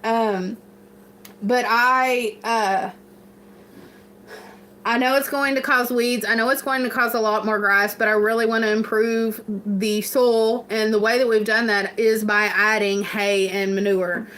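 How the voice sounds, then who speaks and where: A woman with a Kentucky accent talks slowly and unhurriedly to her livestream viewers, her voice sitting a little high and sounding bright. She rambles, laughs a lot and fills her pauses with ums. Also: steady tone. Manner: laughs often, rambling with many fillers. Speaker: farm livestream host. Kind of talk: casual live chat answering viewers.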